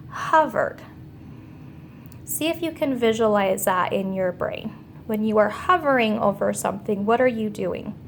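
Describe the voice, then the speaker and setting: A woman teacher giving a remote grammar lesson to young children, slow, clear and patient as she explains each step. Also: a little high, a little hiss or hum.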